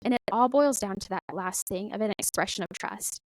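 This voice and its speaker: A middle-aged woman talking casually about faith as a podcast guest, animated and full of "like" and "right?". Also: mid-range voice, brisk, dry recording, low-quality recording.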